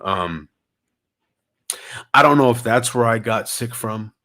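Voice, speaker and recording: Man, casual vlogger with a slightly stuffy nose, swooping lively delivery, middle pitch, chatty and animated. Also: slow pace. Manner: animated storyteller, reads and answers chat comments. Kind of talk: casual livestream chat.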